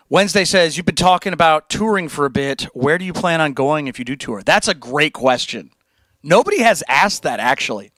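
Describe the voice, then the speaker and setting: A man's voice: mid-range voice, a bit bright, clean tone, dry recording. A young man chatting casually on a livestream, rambling and laid-back, reading viewer messages and answering them. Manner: laid-back, rambling, says dude and like a lot. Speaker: streamer.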